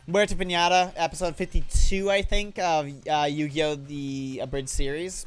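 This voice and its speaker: A woman casually commenting on a game she is playing, excitable and profane, with quick asides. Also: sits low, smooth, faint music behind. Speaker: let's play streamer.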